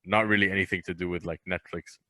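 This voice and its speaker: Chatty young man with a bright voice. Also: low voice, fast talker, dry recording. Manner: animated, chatty, drops into voices. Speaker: guest comedian. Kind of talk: casual interview chat. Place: podcast studio.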